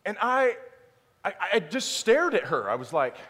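Animated man preaching in a reverberant hall. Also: high-pitched, moderate pace. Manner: animated, self-deprecating, swings into loud exaggerated outbursts. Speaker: pastor. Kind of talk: sermon with personal storytelling.

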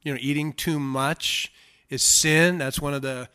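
Bright, emphatic man preaching. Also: fairly high pitch, steady tone, unhurried, smooth. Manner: emphatic, asks the congregation questions. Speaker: pastor. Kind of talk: expository sermon.

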